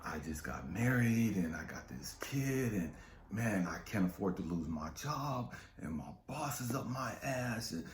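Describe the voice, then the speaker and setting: A man's voice: fairly low pitch, expressive, moderate pace, few pauses, slight background noise, pitched above the performer's own voice, lightly acted. A man voicing a stressed young father who is at his wit's end, frazzled and pleading. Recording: roomy echo.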